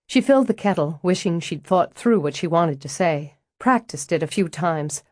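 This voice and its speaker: Low-voiced woman reading an audiobook. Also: animated, moderate pace, hardly any pauses, darkish tone, dry recording, clean studio sound. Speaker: audiobook narrator. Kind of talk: scripted narration.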